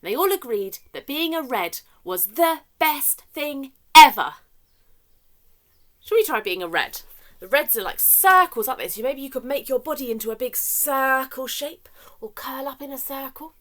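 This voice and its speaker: Animated woman leading a children's story time. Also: high voice, normal speed. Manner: animated, sing-song, swings from whispers to shouts.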